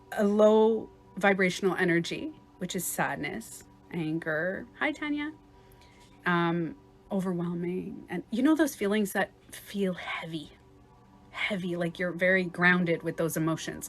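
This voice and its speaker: A woman's voice: fairly low pitch, fairly bright tone. A woman life coach in a casual livestream talk, chatty and swearing at times, acting out other people's voices.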